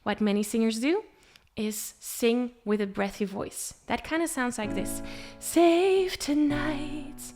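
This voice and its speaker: A woman with a fairly high, bright, forceful voice teaches a singing lesson in a friendly, encouraging way. She explains technique directly to the listener and laughs easily. Faint music sits quietly beneath her voice. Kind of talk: spoken vocal lesson with sung demonstrations.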